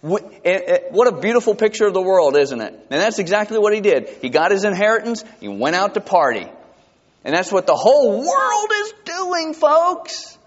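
Animated preacher, slow and emphatic, in a reverberant hall. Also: male voice, high-pitched. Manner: emphatic, asks the congregation rhetorical questions; reads scripture slowly and deliberately. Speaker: pastor. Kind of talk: sermon. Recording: dull lo-fi recording with long hall reverb.

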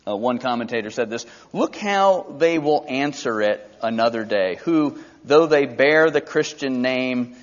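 A man's voice: medium pitch, highs cut off. A man preaching an expository Bible teaching in a conversational way, briefly acting out the characters' lines.

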